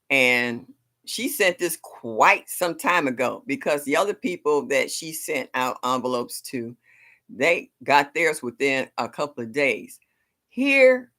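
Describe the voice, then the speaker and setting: Chatty, expressive woman gardening host. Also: rumbling low. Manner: chatty, expressive, reacts aloud to viewer comments. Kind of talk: casual live chat with viewers. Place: home in Ohio.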